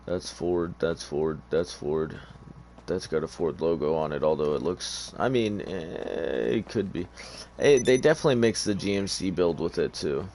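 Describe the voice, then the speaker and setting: A man's voice: deep voice, expressive, moderate pace, darkish tone, a little hiss or hum. A man giving laid-back, rambling commentary over a car game, sleepy and just awake, with many fillers. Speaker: gaming YouTuber. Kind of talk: casual gameplay commentary.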